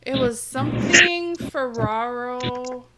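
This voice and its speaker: A woman co-hosting a podcast, telling an embarrassing story about herself in a loud, profane way, laughing as she goes. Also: high-pitched, slow, very noisy. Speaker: podcast co-host. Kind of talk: casual storytelling chat.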